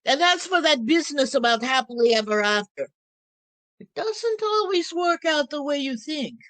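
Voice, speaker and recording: A woman's voice: high-pitched, lively intonation, normal speed, fairly bright tone, no echo, poor audio. A woman storyteller playing an ancient, wry witch in a drawling, teasing first-person telling. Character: ancient wry female witch Baba Yaga.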